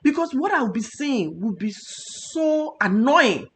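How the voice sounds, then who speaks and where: A woman's voice: high-pitched, sing-song, slow. A Nigerian woman, a nutritionist hosting a health talk show, speaking with emotional emphasis. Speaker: nutritionist host.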